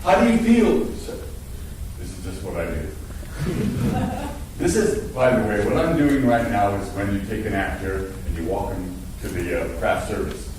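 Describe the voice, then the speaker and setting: A man leading an acting workshop in front of an audience, talking in an animated way, laughing and swearing freely. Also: lowish voice, moderate pace. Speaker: acting teacher. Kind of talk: workshop talk to a live audience. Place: large hall with audience. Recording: echoey hall, far mic, audience noise.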